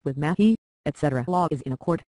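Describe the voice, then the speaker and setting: A voice reading a translated scripture aloud in a slow, even recitation, verse by verse, with Sanskrit terms. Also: mid-range voice, no echo, rough recording.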